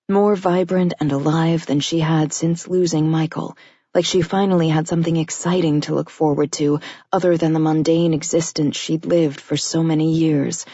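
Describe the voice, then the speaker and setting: Romance audiobook reader, woman, low-pitched and intimate, dry close sound. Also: mellow, husky, no echo, lo-fi sound. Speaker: audiobook narrator. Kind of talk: scripted romance narration.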